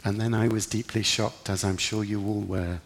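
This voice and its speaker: A man preaching in a church, his earnest and reflective delivery sitting fairly low with a gravelly edge. His words ring out with a long hall echo. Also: flat delivery, moderate pace. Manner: earnest, reflective, rising with emphasis in quoted prayers. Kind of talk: sermon.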